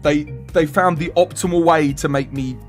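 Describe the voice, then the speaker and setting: Young man, British accent, casual stream chat, exasperated, laughing, slightly high pitch, soft music in background. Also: normal speed. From United Kingdom. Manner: animated, laughing, exasperated banter.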